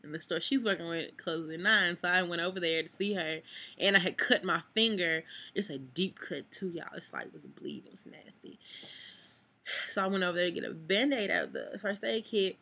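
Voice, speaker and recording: Sad young woman venting, bright voice. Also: fairly low pitch, very animated, fairly quick. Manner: rambling, cusses, addresses viewers. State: sad, upset. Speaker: vlogger. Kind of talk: emotional venting vlog.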